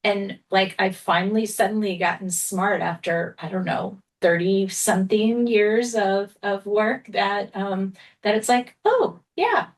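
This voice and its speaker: A woman's voice: medium pitch, a little slow, few pauses. Chatty woman on a distant video-call mic. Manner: chatty, animated, lots of "like". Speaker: physician and panel moderator. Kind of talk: casual panel discussion. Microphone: video call laptop mic.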